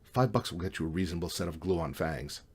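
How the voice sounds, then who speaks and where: Man doing a deadpan sarcastic young roommate. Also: low-pitched, fast talker, husky. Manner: dry, deadpan.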